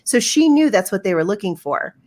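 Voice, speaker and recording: A woman guest on a podcast, chatting casually as an emphatic, animated storyteller who acts out her quotes. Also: mid-range voice, a little fast. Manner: emphatic, lots of fillers and restarts. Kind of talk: casual chat.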